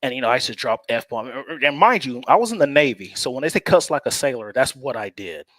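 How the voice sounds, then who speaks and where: A man's voice: medium pitch, lively intonation, quick pace, fairly bright tone, no room sound. A man co-hosting a casual sports chat, telling a personal story at an easy pace and laughing often. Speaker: co-host.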